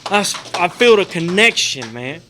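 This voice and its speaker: Middle-aged man, slightly high voice, emotional testimony, profane, rambling, "man" and "you know" fillers. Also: big pitch swings, moderate pace, pushed and bright, a little hiss or hum. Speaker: recovery convention speaker. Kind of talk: personal testimony to a group. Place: convention meeting room.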